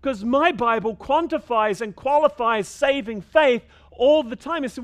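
A middle-aged man preaching a sermon, emphatic, with stammered restarts and quick asides. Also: extremely high pitch, a bit bright.

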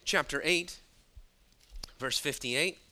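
A man's voice: on the high side, slow, bright, forceful tone. A man preaching a sermon, emphatic and drawing out his key words.

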